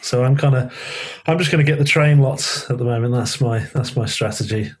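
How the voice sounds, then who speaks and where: A guest musician born in Liverpool and raised in London chats casually, telling stories and swearing now and then. He has a Southern English accent with slight Liverpool traces. His medium-pitched voice runs a little fast with a breathy edge.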